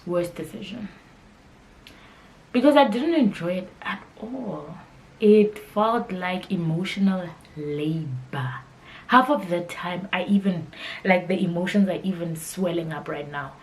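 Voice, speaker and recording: A young woman with a lowish voice speaks at a measured pace on a rough recording. She hosts her podcast, telling a personal story candidly and conversationally, getting emotional at times.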